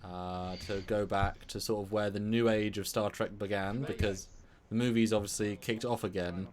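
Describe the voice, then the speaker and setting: A man with a low voice co-hosts a casual live-stream chat. He rambles, doubling back and repeating words while he works out his point. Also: fairly even intonation, moderate pace, a little mellow. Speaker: co-host.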